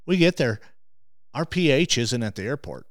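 A man who hosts a hunting show, telling stories as an interview guest. He gets animated and restarts his words when excited. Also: medium pitch, moderate pace, no room sound, clean studio sound. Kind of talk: animated storytelling.

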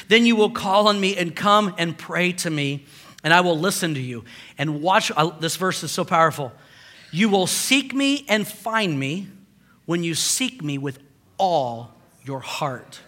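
A male pastor preaches with a notably high, bright voice. He talks to the congregation conversationally, yet stresses his points by repeating them. The delivery is emphatic and direct. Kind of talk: sermon.

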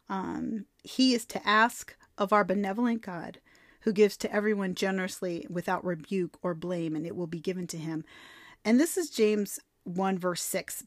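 A woman's voice: medium pitch, moderate pace, vocal fry, no echo. Woman host, mid-range voice, dry close mic, emphatic storyteller who reads scripture aloud. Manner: expressive, swings from soft asides to loud emphatic bursts. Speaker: podcast host and faith mentor.

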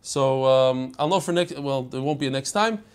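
A man's voice: mid-range voice, moderate pace, clean tone. An older man teaching a daily Talmud class, chatty and digressive, mixing Hebrew and Yiddish terms into his talk. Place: study hall.

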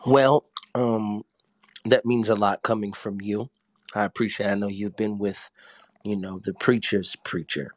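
A middle-aged man, a pastor, chatting in a relaxed, unhurried way with frequent ums. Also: fairly low pitch, no echo. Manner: relaxed and slow, many ums. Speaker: pastor and co-host. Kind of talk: casual morning check-in.

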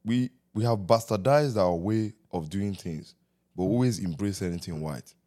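A man's voice: sits low, warm tone. A man from Nigeria, talking in a casual group chat and pressing to explain his view. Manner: quick, keeps pushing to explain. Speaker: podcast co-host.

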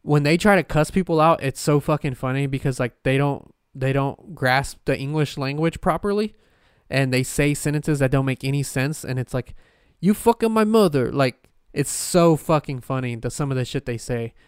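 A man's voice: medium pitch, normal speed, clear, resonant tone, no echo, studio quality. A man hosting a casual solo podcast, rambling with lots of fillers, restarts and swearing. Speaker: podcast host.

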